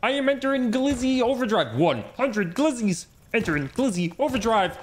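A man's voice: very high-pitched, big pitch swings, normal speed, a little hiss or hum, voice pushed up. A man doing a goofy, gleeful impression of a male frog puppet, with a thin, nasal, warbly voice, over game music. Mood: hyped. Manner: gleeful, silly, playfully over the top.

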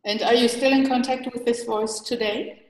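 A woman interviewing a guest, asking questions slowly and gently, with affirming murmurs. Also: on the high side, fairly even intonation. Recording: echoey, distant from the mic.

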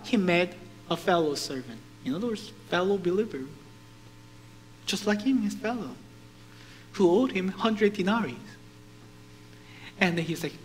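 A male pastor preaching a sermon, animated and putting questions to his congregation. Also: high voice, a little slow, long pauses, a little hiss or hum, low-quality recording.

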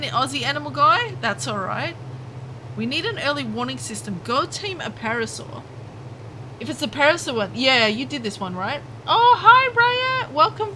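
A woman's voice: sits high, slight background noise, low-quality recording. A woman streaming gameplay, chatting on and eagerly greeting viewers by name. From Southern Hemisphere. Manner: chatty, greets chat by name with bursts of excitement. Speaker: game streamer. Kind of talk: live gameplay commentary.

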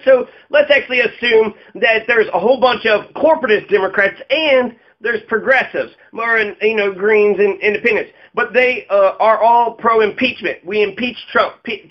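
Profane ranting man, high voice. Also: lo-fi sound. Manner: heated, profane, sarcastic mocking asides. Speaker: political commentator. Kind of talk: ranting video monologue.

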